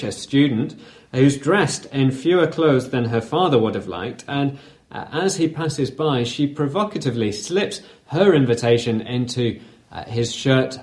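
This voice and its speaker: Male preacher, casual storytelling sermon, uh fillers. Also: medium pitch.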